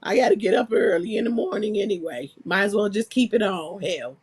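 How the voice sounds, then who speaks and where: Reading viewer comments out loud on a casual live stream, a woman speaks fairly quickly in a mid-range, slightly rough voice. She stays animated as the host and keeps laughing the whole time.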